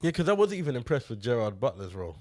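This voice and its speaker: A man's voice: mid-range voice, sing-song, very fast, darkish tone, dry recording, clean studio sound. An easygoing man gives his take on a film in casual chat. He hesitates and restarts his thoughts as he goes. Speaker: film review co-host.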